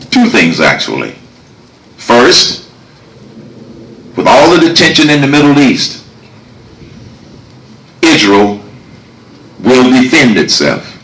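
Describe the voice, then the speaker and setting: Forceful man giving a rousing rally speech. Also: mid-range voice. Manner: rousing, emphatic, shouts key lines. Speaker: political candidate. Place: outdoor rally. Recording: echoey, distant mic, crowd noise. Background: crowd ambience.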